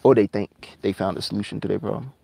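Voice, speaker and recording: A man ranting angrily and profanely on his live stream, repeating himself and sometimes drawling words out slowly. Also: on the low side, fairly even intonation, vocal fry, dark tone, slightly rough, no echo. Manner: heated, profane, repetitive, drawling slowdowns. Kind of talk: angry conspiracy rant on a live stream.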